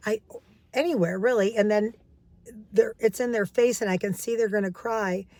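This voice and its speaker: A woman's voice: medium pitch, normal speed, a little mellow, no echo. A middle-aged woman, a recovery coach, giving casual, earnest advice and repeating key phrases for emphasis.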